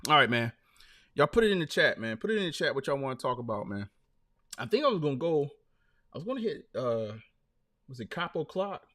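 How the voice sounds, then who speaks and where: This live-stream host talks fairly quickly in a medium-pitched, sharp-toned voice, with big pitch swings and frequent pauses. His casual chat is loose storytelling, full of fillers like "man" and "like."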